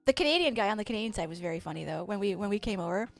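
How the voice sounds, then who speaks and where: A woman streamer telling a story in a profane, animated rant while she plays a game. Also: mid-range voice, very fast, creaky, faint music behind. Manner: profane, animated ranting with quoted exchanges. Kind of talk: casual storytelling while gaming.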